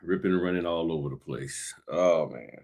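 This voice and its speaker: A man with a low, gravelly, darkish voice hosts a casual livestream about the notary business at a moderate pace. Slightly winded, he greets viewers by name as he handles paperwork.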